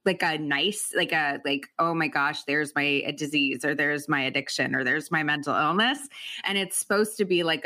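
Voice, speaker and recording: A woman's voice: lowish voice, sharp tone. A woman hosting an interview in a casual, chatty way, laughing often and trailing off mid-sentence. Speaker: podcast host.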